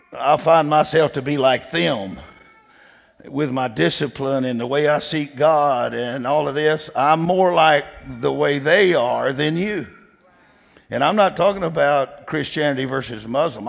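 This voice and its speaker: A man's voice: medium pitch, gravelly. A man preaching a storytelling sermon in a folksy, emphatic way, pressing the congregation with repeated questions. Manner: folksy, emphatic, repeats "did you hear me". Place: church sanctuary. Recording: long hall reverb.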